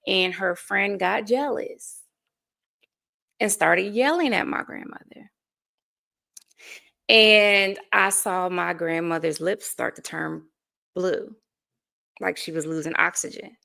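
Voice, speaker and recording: Here an American life coach in her forties speaks low and slowly, her creaky voice pushed and bright, with long pauses. Guesting in a relaxed interview, she tells story after story earnestly and laughs between thoughts.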